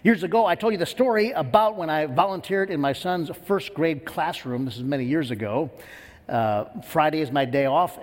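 A middle-aged man preaching a sermon as pastor, telling a story with lively quoted voices in a church. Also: on the high side. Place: church sanctuary. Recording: long hall reverb.

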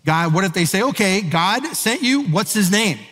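Reluctant pleading Moses, as a preacher puts him on. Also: male voice, high-pitched, expressive, moderate pace, fairly bright tone, pitched above the performer's own voice. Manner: pleading, incredulous, voice rising. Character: anxious, doubting Moses, adult man. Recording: echoey hall.

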